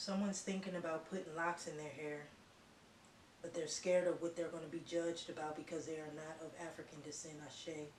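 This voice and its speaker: A woman's voice: deep voice, little pitch movement, a little fast, darkish tone. A woman giving a channeled psychic reading to viewers, talking emphatically and bluntly, repeating herself and swearing. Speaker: psychic reader. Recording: roomy echo from a distant mic with faint hiss.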